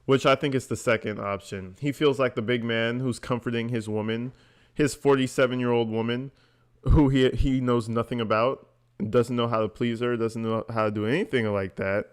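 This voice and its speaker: A man's voice: mid-range voice, steady tone, normal speed, smooth. Mocking man doing casual reaction commentary. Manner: mocking, slangy and laughing. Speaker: commentary host.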